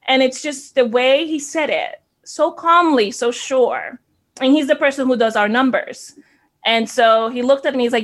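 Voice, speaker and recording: A woman's voice: high-pitched, a little slow, fairly bright tone. A woman from the Dominican Republic, a child care center owner in her thirties, speaking earnestly and reflectively as an interview guest. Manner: earnest, reflective, repeats words when starting. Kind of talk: conversational interview.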